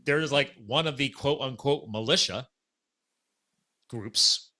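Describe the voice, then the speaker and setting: A man's voice: medium pitch, takes it slowly. A middle-aged man hosting a podcast, telling a story in casual chat and acting out the quoted dialogue. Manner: animated, acts out quoted dialogue. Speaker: podcast host.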